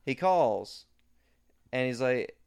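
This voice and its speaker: A man's voice: medium pitch, takes it slowly, creaky, smooth. A man telling a rambling story in a casual chat among friends, full of fillers. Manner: rambling, filler-heavy, relaxed.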